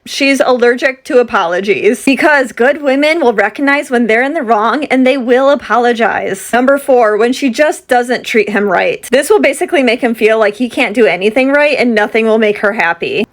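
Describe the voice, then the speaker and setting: A woman's voice: on the high side, lively intonation, normal speed, few pauses. A woman delivering a numbered list in a matter-of-fact monologue. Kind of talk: listicle monologue.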